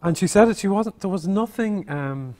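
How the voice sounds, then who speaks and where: A man, an actor as interview guest, telling stories in a halting, thoughtful way and often circling back on his words. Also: high-pitched, animated, mellow. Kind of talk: Q&A interview, reflective storytelling.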